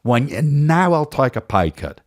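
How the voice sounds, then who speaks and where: A man's voice: medium pitch, very animated, measured pace. A man impersonating an aggrieved veteran film actor who rants profanely at his agent. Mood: indignant. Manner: profane, indignant, hums a tune mid-rant. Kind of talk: comedic impression.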